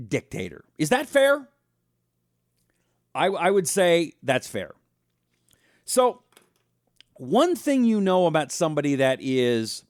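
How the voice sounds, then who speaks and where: A man hosting a talk show, delivering a casual monologue as an animated storyteller who speaks straight to his audience. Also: a little high, dry recording, clean studio sound. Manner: animated storyteller, acts out voices, talks directly to the audience.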